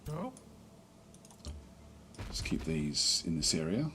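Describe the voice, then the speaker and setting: A man giving relaxed let's play commentary on a strategy game, thinking aloud with many fillers and restarts. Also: deep voice, slow pace, slight background noise.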